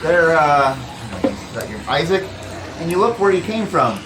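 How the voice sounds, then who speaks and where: A man running a tabletop zombie game as game master, narrating with an animated delivery. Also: a little slow, reverberant, background noise. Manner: animated, acts out panicked characters in high voices.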